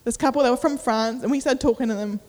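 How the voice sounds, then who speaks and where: A woman's voice: a little high, fast talker, a little mellow, big-room sound. A young adult woman giving a sermon. She tells a personal story casually and with feeling, with many fillers. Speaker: preacher.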